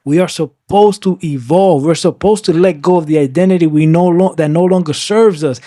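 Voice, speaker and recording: A man's voice: fairly high pitch, normal speed, dark tone, no echo, studio quality. A man in casual podcast conversation, talking emphatically and often checking in with "right?", sometimes slipping into Spanish. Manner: switches into Spanish at times.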